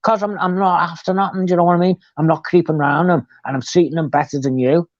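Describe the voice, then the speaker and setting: A man telling animated stories in a casual live chat. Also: fairly high pitch, fast talker, no echo, highs cut off. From England. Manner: chatty, animated storytelling. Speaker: co-host.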